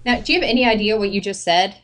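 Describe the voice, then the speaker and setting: A woman hosting an interview, eager and excited in casual chat. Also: mid-range voice, racing. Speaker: interview host.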